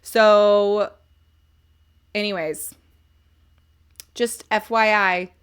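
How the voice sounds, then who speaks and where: A woman's voice: medium pitch, steady tone, drawn-out words, clean tone. A woman in her thirties chatting casually on a live stream, reviewing a book, joking at herself and reading chat comments aloud. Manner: chatty and self-mocking, reads chat aloud.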